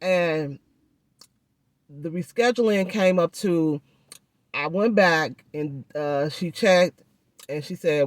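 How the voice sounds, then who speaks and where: A woman's voice: fairly low pitch, slow pace, long pauses, dry recording. A woman vlogger chatting casually to her viewers, her speech thick and muffled from a swollen jaw and gauze in her mouth. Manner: chatty, addresses viewers often with "y'all" and "baby". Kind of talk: casual vlog chat.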